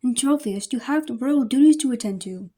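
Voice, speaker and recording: A woman voicing a gentle young royal wife who coaxes and pleads patiently. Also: sits high, lively intonation, a little fast. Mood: coaxing.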